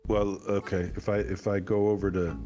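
A middle-aged man playing a game for fun, speaking in a dry, bemused, unhurried way. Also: on the low side, flat delivery, mellow, soft background music. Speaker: guest player. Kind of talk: casual gaming chat.

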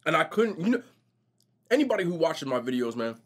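A young man vlogging casually while eating, telling stories in a slangy, animated way. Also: fairly high pitch, brisk. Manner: animated, slangy storytelling, says bro a lot. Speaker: mukbang vlogger.

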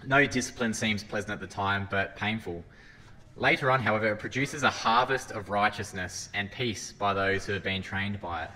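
A lay preacher gives an earnest sermon at a moderate pace, reading scripture aloud and often restarting phrases. His voice sits a little low but sounds bright and forceful, with a long hall reverb over a faint room hum.

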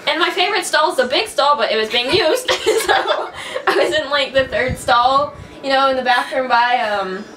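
A woman's voice: high-pitched, animated, moderate pace, sharp tone. A young woman chatting casually with her partner, telling childhood stories and laughing often as she goes. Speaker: co-host of a couple's vlog. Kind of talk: casual storytelling chat. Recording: echoey room from far off with noise.

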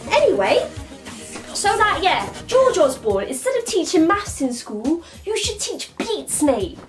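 A woman's voice: extremely high pitch, sing-song, a little slow, faint music behind. A woman doing a rambling comic monologue full of slang, ending lines with 'mate' and 'yeah?'. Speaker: vlogger playing a comic persona.

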